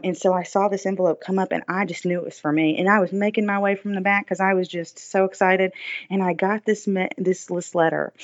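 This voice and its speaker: Woman, podcast guest; earnest, reflective storyteller; lowish voice; dry, dull lo-fi sound. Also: a little mellow. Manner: earnest, reflective, many "you know" fillers. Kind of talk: personal storytelling in an interview.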